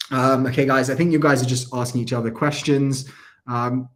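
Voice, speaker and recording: Man, dry coughing throat, rambling livestream chat, mid pitch. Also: steady tone, unhurried. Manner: chatty, rambling, apologetic. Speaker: airsoft channel host.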